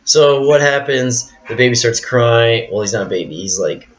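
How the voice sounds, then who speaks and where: A man's voice: mid-range voice, animated, moderate pace. A man reading Bible verses aloud and then explaining them in a casual, rambling way full of fillers. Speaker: Bible study teacher. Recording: dull lo-fi recording.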